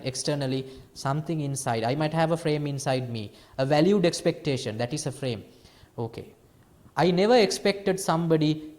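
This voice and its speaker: This is a Sri man, a Buddhist monk, speaking in a high, light voice. He teaches a small group in a lively, playful way. His delivery swings between quiet, soft phrasing and sudden emphatic rises. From Sri Lanka. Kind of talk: dharma talk to a small group.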